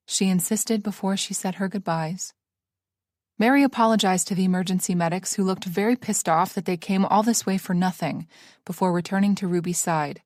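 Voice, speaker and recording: A woman narrating a novel aloud in a measured, even audiobook style. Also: mid-range voice, no room sound, studio quality.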